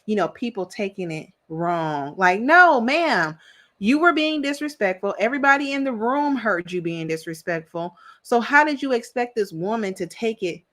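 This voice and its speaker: A woman's voice: medium pitch, animated, moderate pace, fairly bright tone. A woman giving a casual, sassy recap of a reality show, chatty and opinionated, with plenty of slang. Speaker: reality TV commentator.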